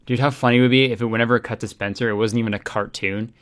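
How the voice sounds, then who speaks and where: A man's voice: mid-range voice, steady tone, rapid-fire, fairly bright tone. A man giving casual, joking commentary while playing a story game, laughing and swearing often. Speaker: gaming commentator.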